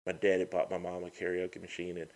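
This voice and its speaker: A man's voice: sits low, fast talker. A middle-aged man, a comedian guest telling stories in a casual chat. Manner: animated, lively storyteller.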